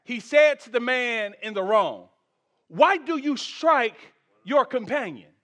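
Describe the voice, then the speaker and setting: A male pastor with a high, bright, ringing voice, preaching a lively sermon. He builds to shouted peaks, then drops into soft, joking asides to the congregation. The whole thing sounds like a live church service. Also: slow pace. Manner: humorous, conversational asides to the congregation.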